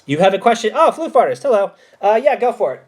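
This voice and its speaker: A man hosting a casual livestream, answering chat and telling stories in an emphatic, animated way with plenty of swearing. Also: high voice, fast.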